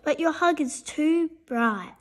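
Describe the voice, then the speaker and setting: A sleepy little possum boy who wants a cuddle, pleading softly as a woman reads him out. The voice sits high and the words come slow and drawn out, in a storybook bedtime tale. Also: animated.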